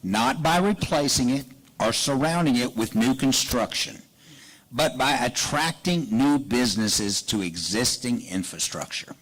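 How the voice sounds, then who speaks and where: A man's voice: medium pitch, animated, unhurried, fairly bright tone, low-quality recording. A man moderating a candidate forum, reading out questions in a businesslike way.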